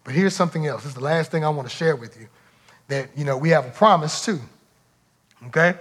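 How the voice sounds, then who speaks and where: Pastor delivering a sermon, man with a high voice, emphatic and repetitive. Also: brisk, fairly bright tone, breathy edge. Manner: emphatic, repeats phrases for effect.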